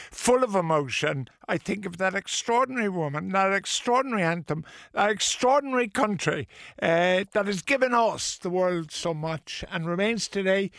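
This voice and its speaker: A man's voice: sits high, creaky, fairly bright tone, no room sound. An older man hosting a radio show in a studio, chatting in a rambling, playful way with theatrical outbursts. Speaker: radio host. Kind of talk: casual radio chat. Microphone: studio microphone.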